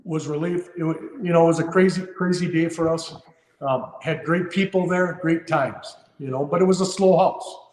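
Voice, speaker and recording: A man's voice: on the high side, fairly even intonation, moderate pace, darkish tone, a little hiss or hum. A man in his fifties, a firefighter and podcast guest, telling a story earnestly and from the heart, with frequent fillers and restarts. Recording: roomy with long reverb.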